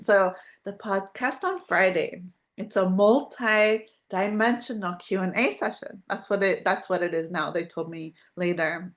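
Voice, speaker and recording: A woman hosting a live spiritual podcast over a video call, talking casually in a rambling, chatty way with frequent restarts. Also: mid-range voice. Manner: rambling, chatty, self-interrupting with laughs. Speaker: podcast host.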